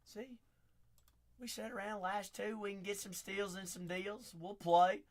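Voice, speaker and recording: A man's voice: sits high, flat delivery, unhurried. A man hosting a live card break stream, chatty and hyping up his viewers. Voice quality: raspy. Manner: chatty, hypes up viewers, shouts out names.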